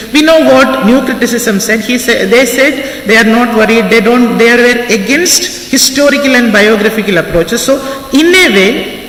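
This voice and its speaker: A man's voice: extremely high pitch, fairly bright tone. A man giving a classroom lecture on literary theory, repeating phrases and spelling out words for his students. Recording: echoey hall, voice from far off, faint ambience.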